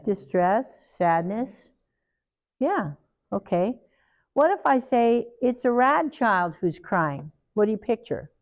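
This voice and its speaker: A middle-aged woman giving a live training talk, lively and acting out the people she quotes. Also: fairly high pitch, takes it slowly. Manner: animated, acts out parents and children in quoted voices.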